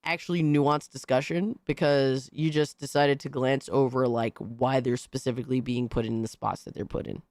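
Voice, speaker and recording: A man hosting a casual live stream, hoarse from recent illness, talking excitably with lots of swearing as he thanks viewers. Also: medium pitch, moderate pace, hardly any pauses, no room sound, studio quality. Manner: excitable, profane, shouting out viewers.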